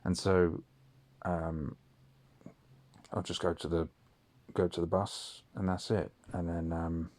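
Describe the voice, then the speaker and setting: A deep-voiced man rambling through a late-night anecdote, peppering it with swearing and plenty of ums. His delivery is loose and conversational, storytelling to himself in an audio diary. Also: level tone, slow pace, pauses often, darkish tone. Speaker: audio diarist. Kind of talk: casual storytelling monologue.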